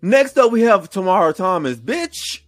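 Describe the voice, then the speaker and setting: Man co-host, emphatic and expressive, lively pitch swings, dry dead sound. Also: moderate pace, no room sound. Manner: expressive, emphatic, cusses freely. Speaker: podcast co-host. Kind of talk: casual recap chat.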